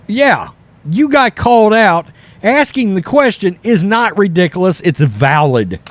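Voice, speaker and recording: A man hosting political commentary over news clips, animated and mocking, often mimicking the people he quotes. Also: sits high, unhurried, no echo. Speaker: commentary host.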